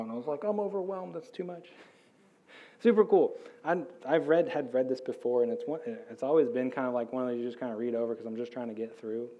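An American man giving a casual Bible teaching, talking informally with many "like"s and "right?"s. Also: medium pitch. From United States. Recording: dull lo-fi sound.

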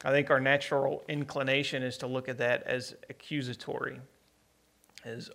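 A man preaching a conversational sermon, plainspoken and unhurried, with many pauses and restarts. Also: mid-range voice, fairly even intonation, gravelly, a bit bright.

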